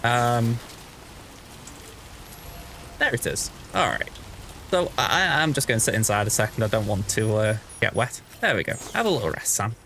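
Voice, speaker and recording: A man's voice: medium pitch, very animated, moderate pace, long pauses, a bit bright, a little hiss or hum. Chatty man doing game commentary. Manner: chatty, upbeat. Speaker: let's play host. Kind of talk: casual gameplay commentary.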